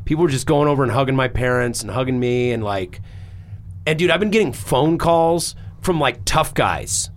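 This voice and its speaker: A man's voice: medium pitch, animated, normal speed. A man hosting a podcast in casual chat, talking in a rambling, emphatic way with lots of fillers and swearing. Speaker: podcast host.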